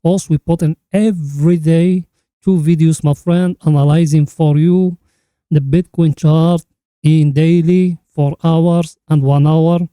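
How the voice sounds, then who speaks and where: Man, fairly high pitch, chart analysis commentary, repetitive catchphrases, earnest. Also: steady tone, a little slow, mellow, clean tone, no echo. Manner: keeps addressing the listener as friend, repetitive catchphrases; earnest, instructive. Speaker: crypto chart analyst host.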